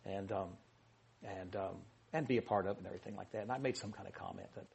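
A man's voice: lowish voice, quick pace, vocal fry, a little mellow, husky. A man preaching an informal sermon, rambling and joking, correcting himself often with many restarts. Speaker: pastor.

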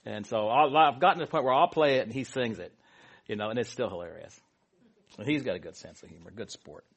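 Husky-voiced man leading a Bible study. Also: mid-range voice, quick pace. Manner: rambling, full of asides and fillers. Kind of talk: casual Bible teaching.

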